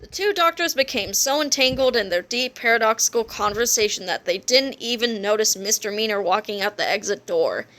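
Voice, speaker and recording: A woman's voice: a little high, a little fast, few pauses. Playful woman reading a children's book. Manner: playful, lively storytelling. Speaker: reader. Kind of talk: children's book read-aloud.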